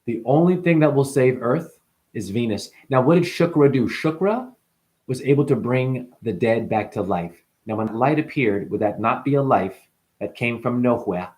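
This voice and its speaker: Speaking directly to the camera, a man plays a self-proclaimed spiritual guru, bragging and wandering off topic as he swings between loud outbursts and mumbled asides. His pitch sits in the middle, his delivery is lively, and his pace is moderate.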